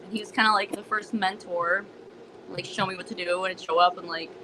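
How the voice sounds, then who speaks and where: A woman's voice: lowish voice, fairly even intonation, fairly quick, noisy background. A woman guest telling her story in a chatty way, with many "like" fillers. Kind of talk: casual interview talk.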